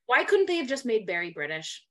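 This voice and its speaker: Brief: young female co-host, higher-pitched, excitable and blunt, chatty theater talk. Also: a little fast. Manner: excitable and blunt, swears casually. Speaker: podcast co-host. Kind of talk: casual chat about musical theater.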